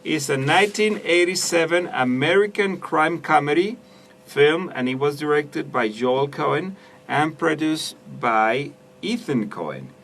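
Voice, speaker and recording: Slow, hesitant radio co-host man. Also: fairly high pitch, lively intonation, a bit bright. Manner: hesitant, searching for words. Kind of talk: casual radio chat about films. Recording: distant mic with some background noise.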